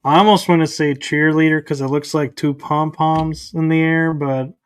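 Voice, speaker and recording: A man hosting a podcast, speaking in a measured, thoughtful way. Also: on the high side, fairly even intonation, clean tone, no room sound. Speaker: podcast host. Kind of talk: casual podcast chat.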